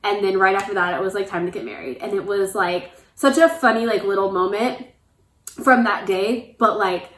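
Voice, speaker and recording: A woman's voice: medium pitch, moderate pace, a bit bright, echoey room. A young woman casually telling stories about her wedding day with lots of fillers and asides. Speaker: vlogger recounting wedding day. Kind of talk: casual storytime chat.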